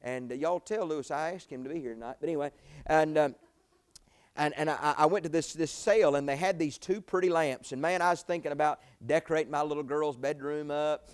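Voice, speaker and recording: A man's voice: fairly high pitch, brisk, clean tone. A middle-aged man preaching a sermon, telling a folksy personal story that climbs to pleading, emotional peaks.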